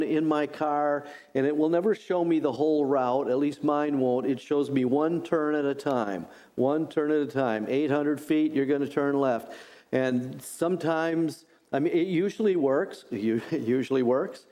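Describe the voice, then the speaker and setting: Middle-aged guy preaching, takes his time, soft warm tone, keeps repeating the key bits. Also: fairly high pitch. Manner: deliberate, repeats key phrases for emphasis. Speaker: pastor. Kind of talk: sermon.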